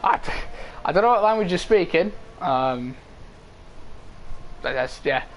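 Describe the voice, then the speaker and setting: A man's voice: high voice, animated, unhurried, a little hiss or hum. A man commentating live on an online racing league, casually reading standings and chatting with viewers. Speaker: esports race commentator.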